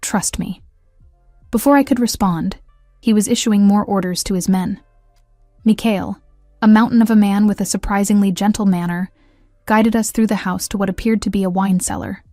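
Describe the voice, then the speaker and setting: A woman reading first-person audiobook narration in an even, measured way. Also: medium pitch, dry recording, clean studio sound, faint music behind.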